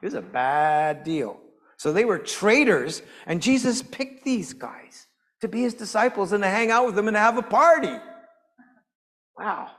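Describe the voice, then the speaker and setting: Lively lay preacher, man, high pitched, lots of rhetorical questions, church hall echo. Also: unhurried. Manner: animated, folksy, asks the room questions. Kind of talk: intergenerational church teaching. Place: church sanctuary.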